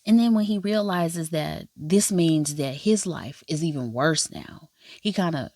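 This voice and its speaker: A woman's voice: deep voice, animated, unhurried, darkish tone, no echo, studio quality. A woman recapping a drama episode in casual chat, sassy and slangy, acting out the characters' lines. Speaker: drama reviewer.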